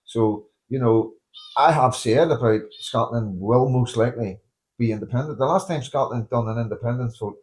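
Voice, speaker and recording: A man's voice: medium pitch, moderate pace, darkish tone. A man hosting a casual street interview, earnest and opinionated, often repeating and restarting his words. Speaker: host interviewing people in the street.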